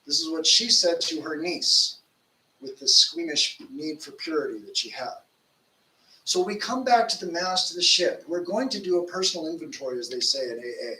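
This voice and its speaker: Bright-voiced monk in his fifties, preaching. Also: a little high, animated, moderate pace. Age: 50s. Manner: storytelling, informal with fillers. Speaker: monk giving a spiritual talk. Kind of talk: conversational sermon. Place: temple lecture hall. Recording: roomy hall, distant mic, faint noise.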